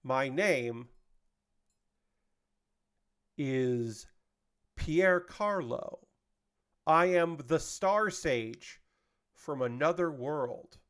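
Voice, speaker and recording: A man's voice: on the high side, lively intonation, extremely slow, long pauses, fairly bright tone, clear, resonant tone, exaggerated voice. A man doing a grandiose sparrow mage. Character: grand male sparrow mage from another world.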